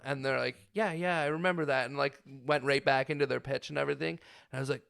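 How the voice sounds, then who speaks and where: Gravelly young man who laughs a lot. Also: mid-range voice, steady tone, quick pace, few pauses, fairly bright tone. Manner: laughs often, riffs on jokes. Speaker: podcast co-host. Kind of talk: casual chat.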